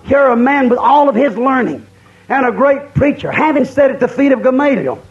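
A man's voice: very high voice, lively intonation, moderate pace, muffled recording, faint music behind. A man preaching a camp-meeting sermon, emphatic and repeating his points.

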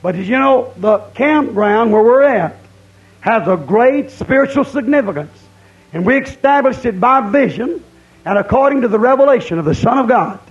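High-voiced preacher man, lo-fi. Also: expressive, moderate pace. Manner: repetitive, emphatic preaching. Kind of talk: sermon at a camp meeting.

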